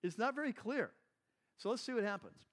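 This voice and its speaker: A man's voice: extremely high pitch, expressive, brisk, a bit bright. A man giving a conversational sermon as a Bible teacher, asking his listeners questions and often saying "like" and "right.". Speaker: pastor teaching a Bible class.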